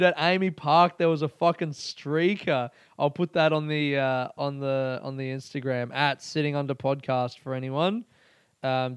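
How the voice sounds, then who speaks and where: A young Australian man with an Australian accent hosting a podcast, ranting excitably, swearing a lot and laughing often. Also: mid-range voice, clean tone, dry recording, clean studio sound. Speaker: podcast host. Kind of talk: casual podcast rant.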